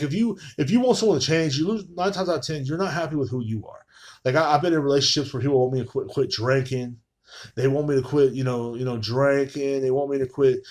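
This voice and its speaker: A man's voice: mid-range voice, darkish tone. A man hosting his own podcast, talking loosely and profanely in a rambling monologue, streaming live from his phone at home. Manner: profane, rambling, frequent filler phrases. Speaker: podcast host.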